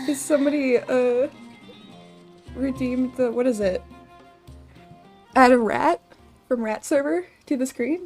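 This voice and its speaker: A woman's voice: high voice, a little slow, pauses often, a little mellow, faint music behind. A woman streamer chatting casually and rambling while she plays a game, laughing often. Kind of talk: casual gaming livestream chat.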